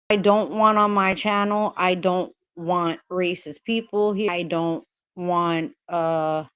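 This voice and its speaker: A woman's voice: mid-range voice, smooth. A woman hosting a casual livestream, greeting viewers by name while rambling, hesitant and upset, with many restarts and swearing. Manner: frustrated and upset. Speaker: livestream host.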